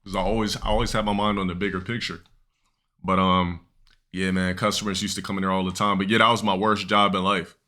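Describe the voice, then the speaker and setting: A man's voice: sits low, little pitch movement, a little fast, bright, forceful tone. A young man streaming live, telling a long, rambling, profane story to his chat with many restarts and fillers.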